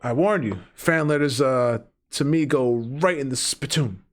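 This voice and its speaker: A streamer voicing a gruff, moody cowboy patrolman in a slow, low Western drawl, reading game dialogue aloud. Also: slight background noise, close to an everyday voice. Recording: game music playing behind.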